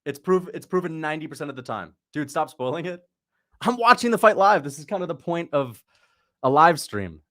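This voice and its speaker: A man hosting a casual livestream, reacting to a fight as it happens and talking to his chat, breaking into excited shouts at big moments. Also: fairly high pitch, brisk. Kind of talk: casual live commentary.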